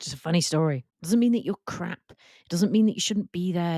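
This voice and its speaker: A woman hosting a casual solo podcast, telling embarrassing work stories and acting out quotes in a higher voice, laughing at herself. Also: no room sound, clean studio sound. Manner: animated, acts out quotes in a higher voice. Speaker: podcast host and work confidence coach.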